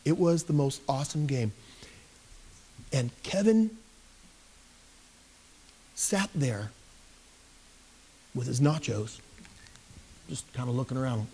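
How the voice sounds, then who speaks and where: A male pastor telling a story in a sermon, animated and given to bursts of excitement. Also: takes it slowly, pauses often, husky. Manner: animated, bursting into excited shouts at high points.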